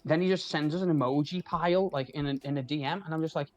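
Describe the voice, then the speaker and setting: A young man with a Scouse accent, telling a story in casual chat on a stream. He tells it with animated energy, swears freely and laughs often. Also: on the high side, fast, highs cut off. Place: home.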